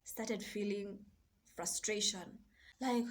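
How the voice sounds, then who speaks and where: A woman coach sharing a slow, soft and deliberate reflective monologue. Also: a little high. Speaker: self-love and mindset coach.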